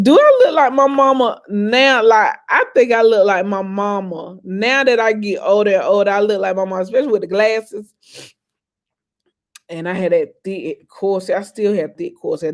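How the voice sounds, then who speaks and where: A woman's voice: on the low side, a little mellow. A woman in her thirties talks straight to her viewers in a loose, chatty vlog. She calls them "y'all" and "honey" and lingers over her memories with open emotion. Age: 30s. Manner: emotional, reminiscing. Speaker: inspirational vlogger. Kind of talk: casual chat to viewers.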